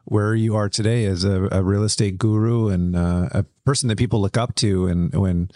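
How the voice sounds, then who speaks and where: A man hosting an interview podcast with a fairly low voice, friendly and quick to laugh. He stumbles now and then as he asks his questions. The recording is dry and close, with no room sound. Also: fairly even intonation, darkish tone, no room sound. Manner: friendly, laughs easily, hesitant. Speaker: podcast host. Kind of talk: casual interview chat.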